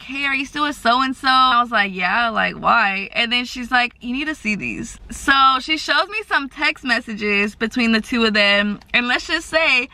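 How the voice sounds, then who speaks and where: A young woman telling a casual storytime vlog in a chatty, animated way, full of filler words. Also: on the high side, dry recording. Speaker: vlogger.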